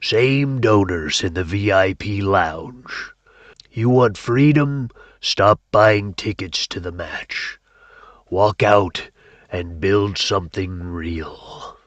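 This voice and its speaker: A man voicing a cynical male commentator who speaks in a slow, grim, knowing way. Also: sits low, a bit bright, no room sound, pitched below the performer's own voice.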